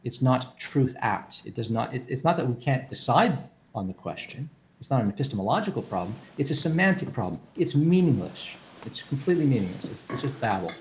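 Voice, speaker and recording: A man's voice: medium pitch, big pitch swings, fairly quick, slight background noise. A man explaining philosophy in a casual group talk, thinking aloud with restarts and repeated words over an online call.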